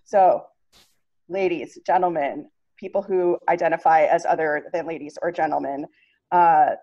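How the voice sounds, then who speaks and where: A woman's voice: low-pitched, steady tone, measured pace, lo-fi sound. A woman hosting a book party over a video call, introducing guests in a chatty way with frequent ums. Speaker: event host.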